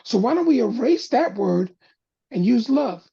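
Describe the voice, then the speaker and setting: Gravelly, raspy man preaching with passion. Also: very animated, measured pace, muffled recording. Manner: preacher-like cadence, drops voice low and soft for emphasis. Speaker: panel host. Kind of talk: impassioned talk-show monologue.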